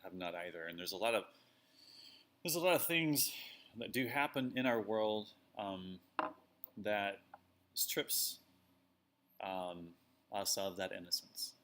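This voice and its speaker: A man's voice: fairly low pitch, slow pace, pauses often, fairly bright tone. A man co-hosting a casual talk show, rambling and self-deprecating with lots of fillers. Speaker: podcast co-host. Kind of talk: casual chat.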